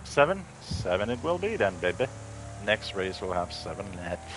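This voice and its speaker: A man's voice: deep voice, big pitch swings, normal speed, noisy background. A man streaming a racing game, chatting casually, rambling and swearing freely. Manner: laid-back, rambling, swears freely, emotional when thanked. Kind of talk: casual live-stream chat while gaming.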